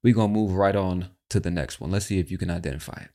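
A man's voice: sits low, fast, mellow. A man hosting a podcast in a brash, chatty style, swearing freely. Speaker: podcast host. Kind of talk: casual podcast chat.

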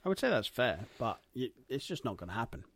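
A man co-hosting a casual podcast chat, giving his opinions in a measured, matter-of-fact way. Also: medium pitch, sing-song. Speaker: podcast co-host.

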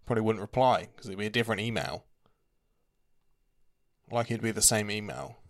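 A young man with a fairly low voice talks in a relaxed, meandering way. His casual chat wanders from point to point, and he swears freely. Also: fairly quick. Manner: rambling, laid-back, swears freely. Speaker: vlogger.

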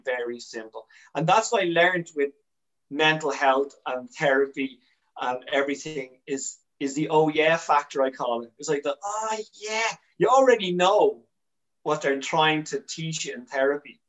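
Animated Irish man, fairly high voice. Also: moderate pace, rough recording. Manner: animated storyteller, swears freely, restarts often. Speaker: guest comedian. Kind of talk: candid podcast chat.

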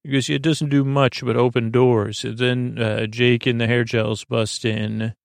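A man with a gravelly, flat delivery that barely rises or falls. He rambles through a relaxed recap, filling every pause with "uh" and "he goes". The sound is dry and close, with no room around it. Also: mid-range voice, dry recording. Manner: rambling, filler-heavy retelling with many "he goes". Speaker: podcast host. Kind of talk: casual episode recap for sleep.

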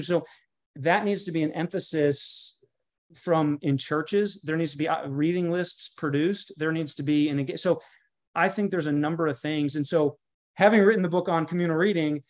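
Earnest preacher-like man, fairly high voice. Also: normal speed. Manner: emphatic, preacher-like, builds through lists and repeated phrases. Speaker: pastor and guest author. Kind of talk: podcast interview, earnest teaching tone.

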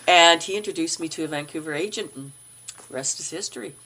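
A woman's voice: fast, husky. A middle-aged woman, a guest actor in a casual interview, telling a personal story and acting out the voices of the people in it. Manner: animated, acts out quoted voices with big pitch jumps.

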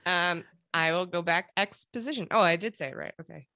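A woman's voice: on the low side, a little fast, dry recording, studio quality. A woman co-hosting a podcast in casual chat, telling history stories with lots of laughter. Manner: laughing, animated storytelling. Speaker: podcast co-host.

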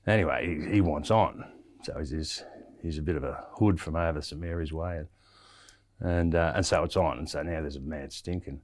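A man's voice: extremely low pitch, normal speed, slight background noise. An Australian man telling a long story in an interview, rambling with lots of ums and restarts. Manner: rambling, many fillers and restarts. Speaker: interview guest. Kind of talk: casual storytelling.

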